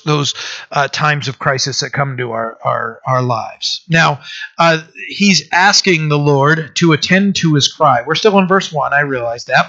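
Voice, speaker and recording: A man's voice: fairly high pitch, sharp tone. A middle-aged man preaching a conversational sermon, rambling, with many restarts and fillers. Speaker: pastor. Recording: dull lo-fi sermon recording.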